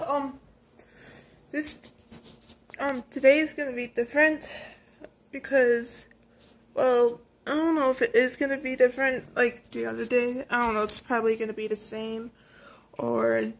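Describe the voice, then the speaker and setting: A nineteen-year-old woman vlogging at home at night, talking in a giddy, rambling way with breathless excitement, recorded on a handheld phone. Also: on the high side, measured pace, pauses often, a little hiss or hum. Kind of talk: casual birthday vlog.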